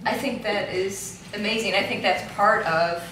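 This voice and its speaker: A woman's voice: medium pitch, steady tone, moderate pace. Earnest woman in an echoey room. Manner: earnest and reflective, reads a passage then comments. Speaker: book club co-host. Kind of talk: casual chat, reading from a book. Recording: echoey room, far from mic, background noise.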